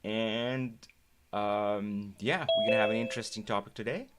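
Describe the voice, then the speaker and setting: A man's voice: on the low side, normal speed, heavy background noise. A man hosting a casual live stream, chatting and greeting viewers by name. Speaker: host. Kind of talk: casual livestream chat.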